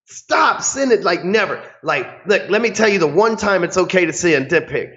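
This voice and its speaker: A man's voice: sits high, sing-song, fairly quick, few pauses, a bit bright, lo-fi sound. A man hosting an unscripted advice rant, blunt and emphatic, swearing freely. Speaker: host.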